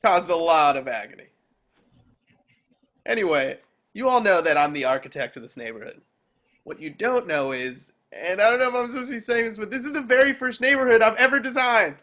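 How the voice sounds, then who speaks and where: A man's voice: high voice, expressive, brisk, sharp tone. A man reading a chipper, nervous afterlife architect who rambles and stumbles while giving a speech over a video call.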